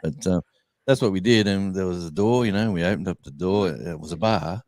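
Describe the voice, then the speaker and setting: A man's voice: low voice, brisk, darkish tone, no room sound. A man with an Australian accent telling a rambling story in a casual chat, full of fillers and restarts. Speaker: guest musician.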